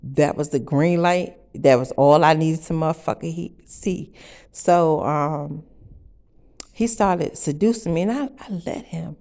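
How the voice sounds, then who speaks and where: A woman telling a wild first-person story for a vlog, brash and profane, with loud bursts and asides to her viewers. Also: low voice, unhurried.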